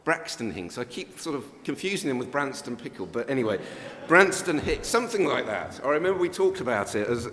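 A man's voice: mid-range voice, big pitch swings, a little fast, few pauses, a bit bright, slight background noise. An older man preaching a sermon in a conversational way, with sudden emphatic rises. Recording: long reverb of a church hall.

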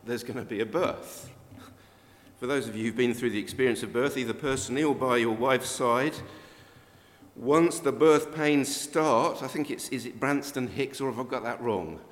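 A man's voice: medium pitch, moderate pace. An older man preaching a sermon in a conversational way, with sudden emphatic rises. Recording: long reverb of a church hall.

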